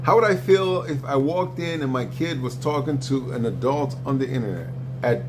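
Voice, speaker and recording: A man lecturing hard on a live stream, blunt and profane, his pitch jumping up when he presses a point. A faint hiss of noise sits under his voice. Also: moderate pace. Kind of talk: heated argument on a live stream.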